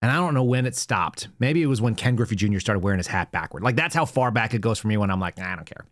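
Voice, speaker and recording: A man's voice: fairly low pitch, lively intonation, quick pace, no room sound. A man in his forties hosting a political commentary show, sarcastic and rambling, talking casually from a studio. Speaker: show host.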